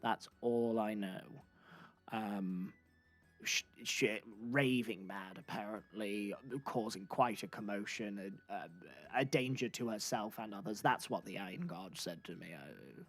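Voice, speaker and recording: A man voicing a very old, hunched male grocer who talks gently and politely, with hesitant pauses that fade to near-whispers. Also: lowish voice, voice pushed down. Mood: sorrowful.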